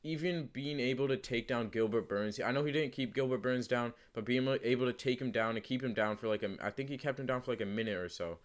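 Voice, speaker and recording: Talking casually to camera as host of his own channel, a man gives unscripted commentary on his predictions. His medium-pitched voice moves fast with hardly any pauses, full of fillers, restarts and emphatic repetition.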